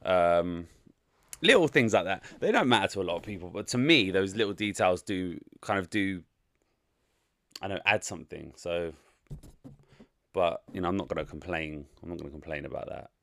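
A man's voice: low-pitched, expressive, moderate pace, vocal fry, pauses often, fairly bright tone, no echo. A man giving a casual, frank and rambling spoken movie review, full of opinions. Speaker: film reviewer.

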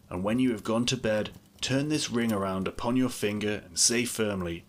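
A man voicing a gentle, sorrowful male beast in a storybook reading, speaking slowly and mournfully. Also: on the low side, a little hiss or hum, natural voice.

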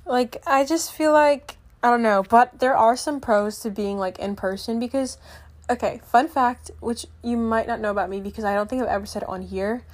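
A woman's voice: on the high side, steady tone, normal speed. A teenage girl vlogging in casual chat, rambling and filler-heavy, often trailing off and restarting her sentences. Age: teens. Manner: self-correcting, trails off and restarts.

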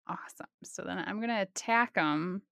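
A woman's voice: on the low side, moderate pace, creaky, a bit bright, no room sound, studio quality. A woman playing in a tabletop game, cheerfully describing her character's attacks and moves. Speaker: player. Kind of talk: casual tabletop game play.

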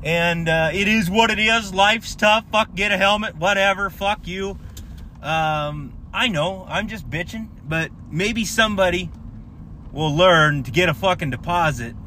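Man, heated profane rant, slightly high voice, faint traffic behind. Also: unhurried, bright, forceful tone. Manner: profane, heated, swears constantly; rambling, with many fillers and restarts. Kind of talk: casual storytelling rant.

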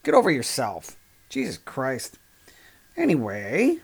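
A man's voice: on the high side, sing-song, moderate pace, bright, forceful tone. A man hosting a podcast, ranting in a sarcastic, crude, exasperated comedic monologue. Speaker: podcast host.

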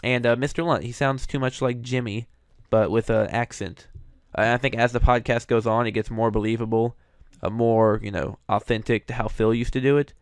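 Man, casual commentary, smooth clear voice, dry close sound, rambling with fillers. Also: mid-range voice, fairly even intonation, normal speed, hardly any pauses, no echo. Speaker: host reviewing voice recasts.

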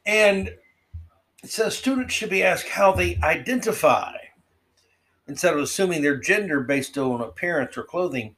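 A man hosting an opinion podcast monologue, sarcastic and mocking, drawing some words out slowly and rushing through quick asides. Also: a little high, lively intonation, fairly bright tone, breathy edge. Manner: swings between slow drawl and quick asides. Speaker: podcast host.

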